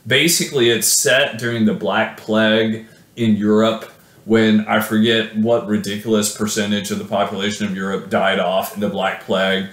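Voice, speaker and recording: A man's voice: fairly low pitch, level tone, moderate pace, fairly bright tone, roomy sound. A man reads his own sonnet aloud, then talks it through casually with many fillers and self-corrections. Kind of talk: poetry reading then casual explanation.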